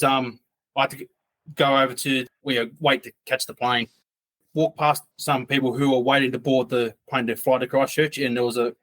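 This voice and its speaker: A man with a mid-range voice and fairly bright tone appears as a podcast guest, casually telling a story. His delivery is loose and rambling, full of "like" asides.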